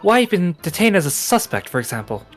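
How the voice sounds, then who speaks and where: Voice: medium pitch, sing-song, fast, natural voice. A guest reading as a polite young female assistant. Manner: gentle, formal, courteous. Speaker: stream guest. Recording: game music playing faintly behind.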